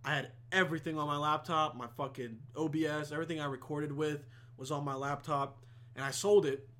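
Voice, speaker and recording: High-voiced, profane young podcast guy. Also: fairly even intonation, a little fast, sharp tone. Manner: rambling and heavily profane, with many fillers. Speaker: podcast host. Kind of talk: casual storytelling monologue.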